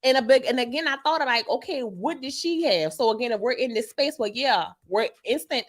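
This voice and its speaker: A woman sex educator, chatting on a radio show as an animated, loud storyteller with salty slang. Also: fairly high pitch, a little fast. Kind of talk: casual radio chat.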